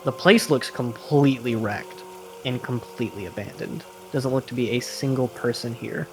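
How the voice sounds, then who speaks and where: A man's voice: medium pitch, normal speed, background noise. A man running a tabletop game as game master, describing scenes casually with lots of fillers.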